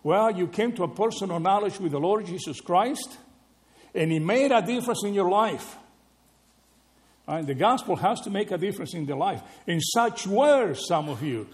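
A man preaching a sermon, animated and conversational, often asking his listeners "right?". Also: high-pitched, moderate pace. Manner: animated, rhetorical questions with frequent "right?". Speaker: pastor.

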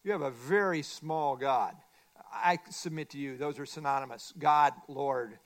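A man's voice: mid-range voice, a little slow. A middle-aged man teaching a Bible study lesson from a workbook, emphatic and repeating his key points.

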